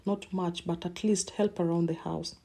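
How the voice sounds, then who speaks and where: A middle-aged woman hosting a podcast, telling a personal story in an emotional, halting way and repeating words as she speaks. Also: lowish voice, steady tone, creaky, mellow, husky. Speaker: podcast host.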